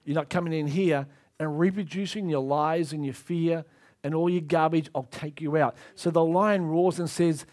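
A man's voice: a little high, steady tone, moderate pace, a little mellow. A man preaching a sermon with emphatic, repetitive delivery.

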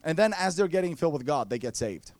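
A man's voice: a little high, lively intonation, fast, a little mellow, no room sound. A man preaching a sermon, telling playful stories and acting out quotes. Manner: playful storytelling with acted-out quotes.

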